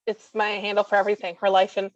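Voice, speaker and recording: A woman's voice: medium pitch, monotone, dry recording, lo-fi sound. Blunt, sarcastic woman, dry close sound. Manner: blunt, sarcastic, quick asides. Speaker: guest with a service dog. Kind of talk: casual chat.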